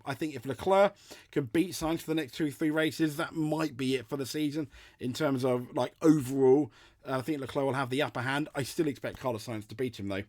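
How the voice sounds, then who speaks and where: A man's voice: mid-range voice, no echo, clean studio sound. A man hosting a motorsport show, giving a casual race preview and often restarting and repeating his phrases as he talks. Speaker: motorsport podcast host.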